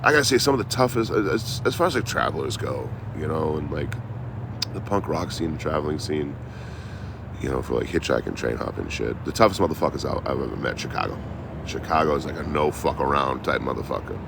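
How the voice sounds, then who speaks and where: A man's voice: extremely low pitch, lively intonation, a little fast, creaky, noisy background. A man chatting on a casual outdoor livestream, telling road stories in a profane, rambling, laid-back way. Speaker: traveling live streamer.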